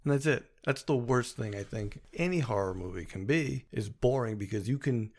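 A man's voice: mid-range voice, expressive, normal speed, darkish tone. A man co-hosting a podcast in casual chat, blunt and opinionated, swearing freely and sounding tired from a late-night session. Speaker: podcast co-host.

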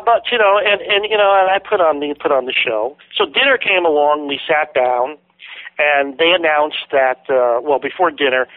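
A guest author tells a long story in an interview, lively and acting out what the people in it said. His voice is medium-pitched, heard over a tinny, dry phone line with no room sound.

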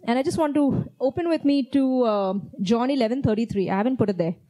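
A woman's voice: on the high side, fast talker, mellow, rough recording. A woman preaching a sermon, reading Bible verses aloud and repeating key phrases with earnest emphasis. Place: church.

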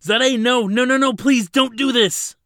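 A man's voice: extremely high pitch, steady tone, normal speed, fairly bright tone, no room sound, studio quality, pitched above the performer's own voice. A man voicing a desperate young man who pleads and screams in anguish.

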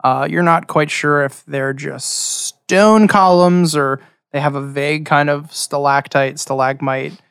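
Gravelly, dry-sounding game master. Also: male voice, fairly high pitch, steady tone, unhurried, few pauses, fairly bright tone, no room sound. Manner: loose descriptive narration with many fillers. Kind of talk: narrating a tabletop game.

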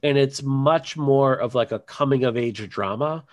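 A man hosting a casual film podcast over a call, joking and sometimes dropping to a low mutter. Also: measured pace, lo-fi sound. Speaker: podcast host.

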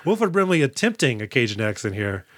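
A man's voice: mid-range voice, very animated, fast, fairly bright tone, no room sound, studio quality. A man co-hosting a podcast, retelling movie scenes in rambling, profane casual chat. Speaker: podcast co-host.

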